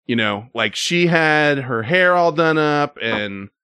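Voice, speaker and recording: A man's voice: a little high, lively intonation, takes it slowly, sharp tone, clean tone, no echo. A man telling a story casually, with lots of fillers and swearing.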